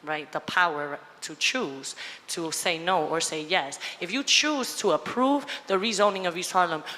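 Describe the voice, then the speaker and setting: A woman's voice: fairly low pitch, unhurried, sharp tone. A woman giving fiery, emotional testimony at a public hearing. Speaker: public commenter. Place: large public hearing hall. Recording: long hall reverb.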